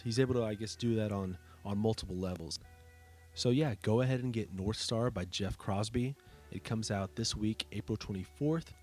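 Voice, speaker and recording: A man with a fairly low voice hosts a podcast. He talks in a loose, conversational way, full of "uh" and "like." There is a faint trace of music behind him. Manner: loose and conversational, heavy on fillers like "uh" and "like". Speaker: podcast host. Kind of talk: casual podcast talk.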